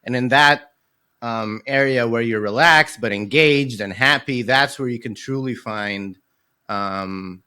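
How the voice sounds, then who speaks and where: Male podcast host, bright tone, upbeat and chatty. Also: mid-range voice, measured pace, clear, resonant tone. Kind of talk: casual podcast conversation.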